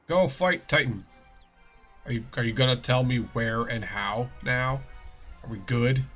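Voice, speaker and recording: A man streaming a video game, making goofy, sarcastic, deadpan remarks in casual commentary. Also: mid-range voice, moderate pace, soft background music. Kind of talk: casual let's-play commentary.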